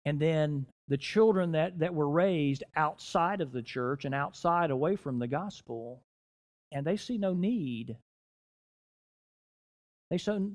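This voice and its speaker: Preaching man, loud and soft swings. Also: fairly high pitch. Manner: preaching with swings in loudness, slowing to stress key phrases. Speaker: guest preacher. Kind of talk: sermon. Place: church.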